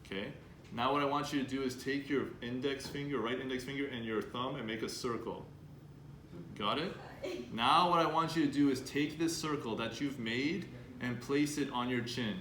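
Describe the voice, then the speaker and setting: A man's voice: mid-range voice, moderate pace, a bit bright. Guy running a student workshop, upbeat, keeps asking the crowd stuff, echoey room w some noise. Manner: upbeat, coaxing audience with questions. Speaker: workshop speaker. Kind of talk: interactive workshop talk.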